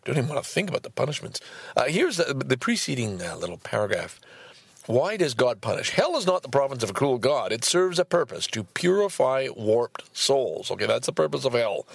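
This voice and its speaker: A man reading a book aloud and commenting on it, breaking into exasperated, swearing outbursts between calm passages. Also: medium pitch, a little fast, creaky, husky, dry recording. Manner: swears often.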